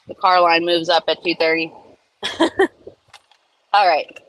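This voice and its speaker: A woman's voice: fairly low pitch, little pitch movement, slow pace, fairly bright tone, no room sound, poor audio. A woman host on a phone livestream, sitting in her car, ranting bluntly and profanely. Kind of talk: casual livestream rant. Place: in a parked car in a school pickup line.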